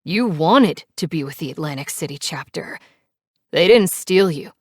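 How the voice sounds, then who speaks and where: A woman reading the lines of an angry, grieving young male biker in an audiobook, shouting and accusing. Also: low-pitched, expressive, normal speed, husky, no echo, studio quality.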